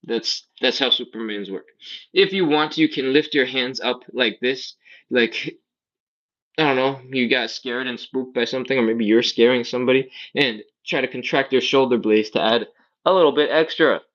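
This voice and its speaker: A man's voice: mid-range voice, normal speed, a bit bright, muffled recording. Upbeat man coaching a live stretch class. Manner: casual, upbeat coaching with frequent "all right?" checks; cues exercises while doing them on the floor. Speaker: fitness instructor.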